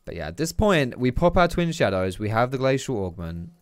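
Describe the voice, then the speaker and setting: A man's voice: medium pitch, big pitch swings, a little fast, clean tone, no echo, studio quality. A young man giving casual, chatty commentary over his own gameplay, swearing and tossing out teasing asides.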